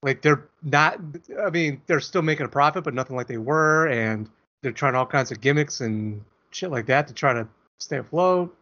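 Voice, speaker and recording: A man's voice: mid-range voice, normal speed, sharp tone. A man co-hosting a podcast, chatting casually in a rambling, joking way. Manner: rambling, self-deprecating, jokey. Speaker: podcast co-host. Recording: dull lo-fi audio.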